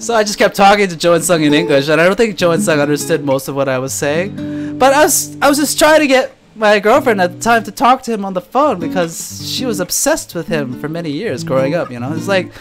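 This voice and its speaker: Chatty man telling stories, faint guitar behind. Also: high voice. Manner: chatty storytelling, laughs often. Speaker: vlogger answering viewer questions. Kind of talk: casual live Q&A chat.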